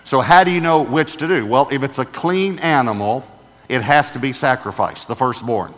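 A man's voice: mid-range voice, normal speed, a bit bright. A man preaching a sermon as pastor, speaking emphatically and repeating his key phrases. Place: large church auditorium. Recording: long church hall reverb.

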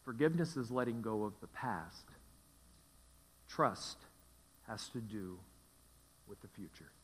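A male pastor preaching a sermon, repeating key phrases with emphatic, dramatic pauses. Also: lowish voice, expressive, in a large hall, slight background noise.

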